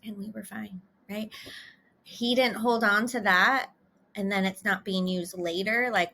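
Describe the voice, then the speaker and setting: A woman's voice: mid-range voice, moderate pace, sharp tone, a little hiss or hum. A middle-aged woman couples therapist talking casually and candidly to the camera, laughing between phrases.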